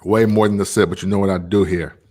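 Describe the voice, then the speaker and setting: A man in his thirties from Tennessee hosts a casual vlog, his voice sitting low with fairly even intonation and a warm tone. He talks fast in a laid-back, rambling way, packing in lots of fillers.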